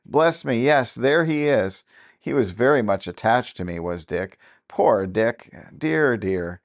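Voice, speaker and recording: A man reading aloud and voicing an old miserly man who answers softly and grows wistful over his memories. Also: medium pitch, expressive, slow, dry recording, studio quality. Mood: nostalgic.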